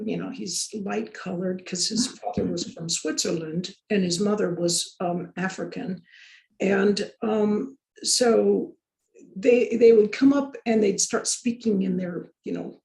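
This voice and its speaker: A woman instructor talks in a loose, rambling way, full of fillers and restarts. Her voice is low-key and warm with a gravelly edge. She sounds like she is in a roomy, echoing space. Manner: chatty, rambling, many fillers. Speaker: course instructor. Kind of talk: casual discussion on a video call. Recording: roomy echo.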